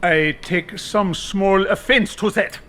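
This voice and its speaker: A man's voice: sits high, slow, fairly bright tone, slight background noise. An actor playing a polite, formal male mole companion with a prim, mildly pompous way of talking. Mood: sheepish.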